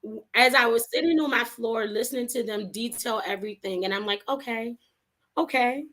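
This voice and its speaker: Speaking a bit quickly with a fairly high voice, a woman author shares her story as an interview guest. She keeps it informal and lively, mimicking quoted voices and laughing frequently.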